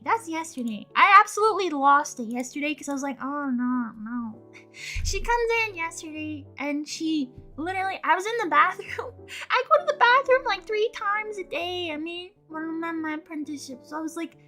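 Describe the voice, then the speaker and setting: Young female streamer, high and bright, animated casual storyteller who laughs a lot. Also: normal speed, faint music behind. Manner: animated, laughs often, acts out quotes.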